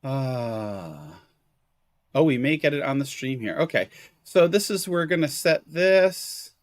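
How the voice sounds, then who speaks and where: A man's voice: mid-range voice, expressive, unhurried, no echo. A man live-streaming a video game, chatting casually with viewers, exclaiming at the graphics and apologizing for hiccups.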